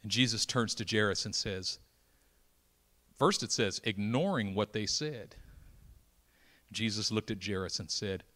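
A man preaching a dramatic sermon, swinging from hushed lines to loud, building emphasis and acting out the voices of Bible characters. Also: on the low side, measured pace, pauses often. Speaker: pastor.

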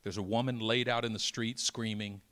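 A man delivering a sermon with a bright, forceful edge to his voice. He tells his story dramatically, sinking to hushed whispers at one moment and rising to loud, excited exclamations the next. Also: on the low side, normal speed. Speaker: preacher.

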